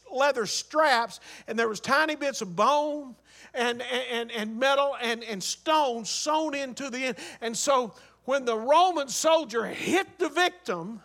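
A man's voice: extremely high pitch, fairly bright tone. A man preaching a sermon, vivid and graphic, building intensity with repeated rhetorical questions.

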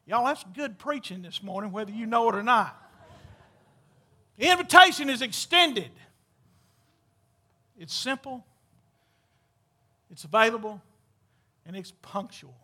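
A man, preaching a sermon with impassioned calls that drop to hushed storytelling. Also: very high-pitched, animated, measured pace, long pauses. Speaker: pastor.

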